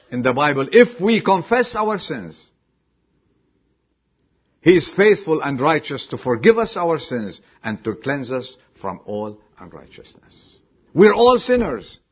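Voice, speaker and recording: A man preaching a sermon, dropping low and quiet, then bursting out loud and high, and asking the congregation direct questions. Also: breathy edge, muffled recording. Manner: swings from low quiet lines to sudden loud high exclamations. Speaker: pastor.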